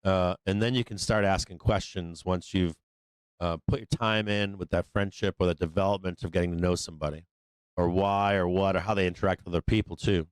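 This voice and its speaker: A man's voice: steady tone, fairly quick, smooth, no echo. A man hosting a live stock trading show, giving casual, profane advice and joking around. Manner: profane, joking, acts out little scenes in higher voices. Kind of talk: casual rambling advice to viewers.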